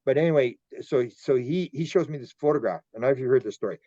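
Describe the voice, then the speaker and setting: Canadian guy telling stories on a podcast, stumbles and repeats himself, mellow voice, bit muffled. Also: medium pitch, a little fast, dry recording. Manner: rambling, repeats words, acts out quoted dialogue. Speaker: podcast guest, UFO researcher. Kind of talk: storytelling interview.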